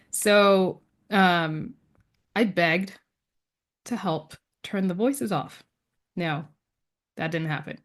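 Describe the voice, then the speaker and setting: A woman guest on an interview podcast, telling a personal story in a lively way and acting out the other people's words. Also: lowish voice, drawn-out words, long pauses. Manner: lively storyteller who acts out quoted dialogue; frequent fillers and restarts, laughs between lines.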